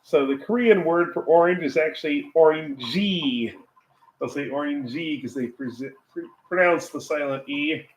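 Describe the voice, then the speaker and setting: In his home kitchen, an American English teacher who vlogs about cooking talks casually on a livestream, wandering into asides and laughing to himself. Captured from a distance amid kitchen echo and faint ambient noise, his voice is fairly high-pitched at a moderate pace.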